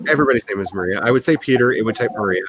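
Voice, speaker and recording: A man's voice: fairly low pitch, very fast, noisy background. A man in his thirties hosting a writing livestream, chatting casually and laughing often at himself. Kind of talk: casual group chat on a live video call.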